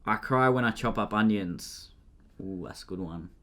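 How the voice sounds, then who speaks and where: A man's voice: fairly low pitch, normal speed, fairly bright tone. Laid-back young man, joking around. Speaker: podcast co-host. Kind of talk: casual chat.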